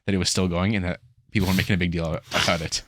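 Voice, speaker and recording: A man's voice: deep voice, fairly even intonation, racing, a bit bright, a little hiss or hum. A young man co-hosting a podcast, animatedly retelling a story in casual chat, acting out others' lines and swearing freely. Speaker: podcast co-host.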